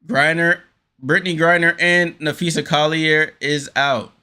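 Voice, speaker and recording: A man hosting a casual fan watchalong, calling the game play by play with frequent fillers and sudden jumps of excitement on big plays. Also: on the high side, unhurried, clear, resonant tone. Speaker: host.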